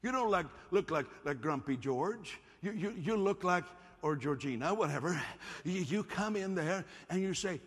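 A husky, somewhat high-voiced man preaches to his congregation in a lively, joking way. His voice rings with a long hall reverb. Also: moderate pace. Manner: animated, playful, asks the congregation to respond. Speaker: pastor. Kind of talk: sermon. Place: church hall.

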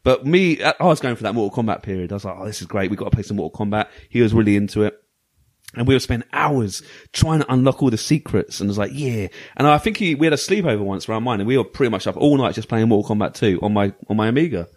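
Lively fast-talking man. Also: medium pitch. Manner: rambling, animated, laughs often. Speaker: podcast co-host. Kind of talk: casual storytelling chat.

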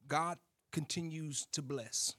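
A man's voice: a little high, fairly even intonation, takes it slowly, a bit bright. A man, a co-host in a casual faith discussion, who thinks aloud and keeps asking probing questions.

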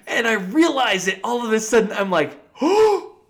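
A dentist telling a funny story from his practice in a casual chat, animated and often laughing. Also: sits high, moderate pace. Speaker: podcast co-host.

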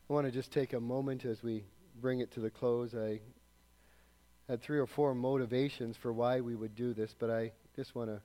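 Give me an earnest male pastor delivering a sermon. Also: medium pitch. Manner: earnest, trailing off softly at phrase ends.

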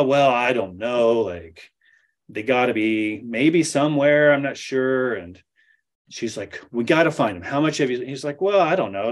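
A man giving a talk, telling an anecdote and acting out the dialogue. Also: mid-range voice. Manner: animated storyteller acting out dialogue. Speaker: speaker at a study center. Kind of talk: storytelling talk with Q&A.

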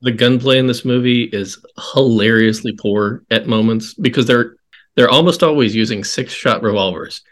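A man's voice: mid-range voice, normal speed, a bit bright. A man guest hosting a podcast chat who adds dry, wry remarks. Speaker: guest host. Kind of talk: casual chat.

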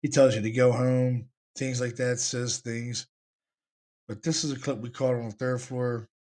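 A man hosting a podcast, talking excitedly about the recordings he plays and repeating himself as he goes. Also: mid-range voice, unhurried. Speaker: podcast host, paranormal investigator.

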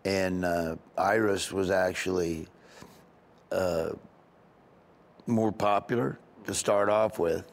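A male stand-up comedian, guest on an interview, telling stories in an animated way and laughing often. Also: deep voice. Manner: laughs often, excited, quick bursts. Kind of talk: animated storytelling.

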